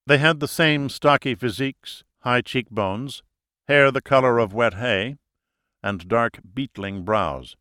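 A man narrating a thriller audiobook in a measured, dramatic storytelling manner. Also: mid-range voice, pushed and bright, no room sound, clean studio sound.

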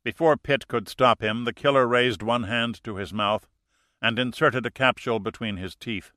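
A man narrating a thriller audiobook in a steady, measured way. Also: medium pitch, no room sound, studio quality.

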